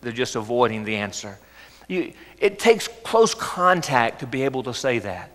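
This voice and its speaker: A man preaching a sermon as pastor, earnest and gently coaxing, often asking rhetorical questions. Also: medium pitch, big pitch swings, normal speed. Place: church sanctuary. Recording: echoey church hall.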